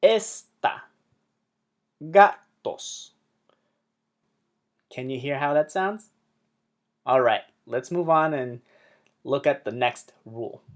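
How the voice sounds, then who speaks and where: A male language teacher talks slowly and carefully, pausing between short phrases. His voice sits in an ordinary middle range. He says example words twice to set the wrong stress against the right one. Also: medium pitch. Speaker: Spanish teacher. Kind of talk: slow explanatory lesson.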